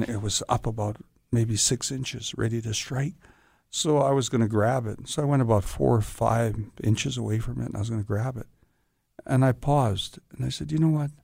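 A stunt performer in an interview, telling long rambling stories in a casual way and often saying "you know". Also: male voice, mid-range voice, creaky, dark tone, no echo, studio quality.

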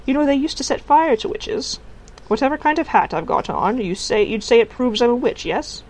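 A woman's voice: big pitch swings, brisk, vocal fry, a little mellow, husky, full character voice, low-quality recording. A woman voicing a sly, theatrical witch in disguise who swoops up and down dramatically. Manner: dramatic, big swoops in pitch.

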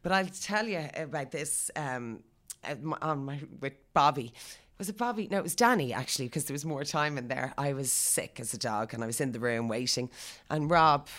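Woman, low voice, thirties, lively storyteller, casual chat. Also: normal speed. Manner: lively storyteller, acts out quotes. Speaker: guest.

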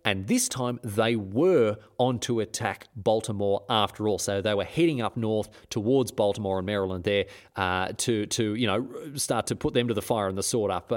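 Irreverent man telling history. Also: lowish voice. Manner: irreverent, rambling, with stumbling restarts. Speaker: host. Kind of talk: comedic history podcast narration.

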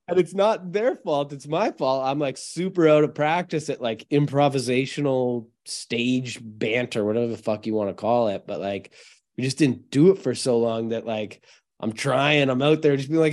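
A man's voice: medium pitch, a little mellow. A man, a band's frontman, chatting casually in an interview, laid-back, self-mocking and swearing freely. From Canada. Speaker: touring band frontman.

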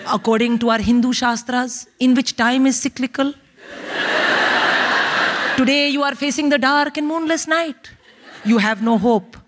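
A woman's voice: high voice, unhurried, pauses often. A woman voicing an erudite older father who speaks solemnly and philosophically. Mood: lofty. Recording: live theatre hall reverb.

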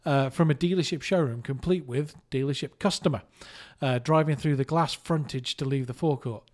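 A man from England co-hosting a casual movie podcast, jokey and quick to laugh. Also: medium pitch, a little mellow. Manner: jokey, laughs often, slips into put-on voices. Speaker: podcast co-host.

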